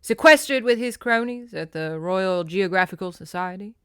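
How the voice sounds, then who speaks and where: A woman reading aloud as a forceful, domineering grown man from a romance novel, demanding and confrontational. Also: mid-range voice, normal speed, clean tone, dry recording, clean studio sound, lightly acted. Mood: angry demanding.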